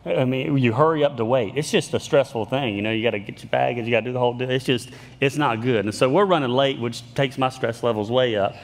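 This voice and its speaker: In a church sanctuary, a male pastor delivers a sermon full of stories at a fast clip in a mid-range voice. His style is chatty and self-mocking, with frequent restarts, and long hall reverb surrounds the recording.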